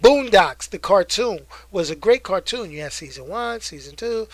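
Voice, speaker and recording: A young adult man hosting a casual live stream, animated and hyped, slangy and talkative. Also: high voice, normal speed, no echo. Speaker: host.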